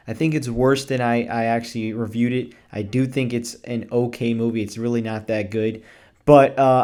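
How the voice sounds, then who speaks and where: A young man reviewing a movie in a casual chat, gushing with excitement, swearing freely and laughing often. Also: medium pitch, normal speed.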